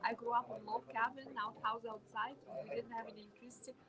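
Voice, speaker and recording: Woman, Russian accent, Siberian, effusive, fairly high voice, noisy crowd around her. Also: little pitch movement, quick pace. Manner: effusive, enthusiastic. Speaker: party guest and volunteer. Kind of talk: casual chat. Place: indoor birthday party. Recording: crowded party noise.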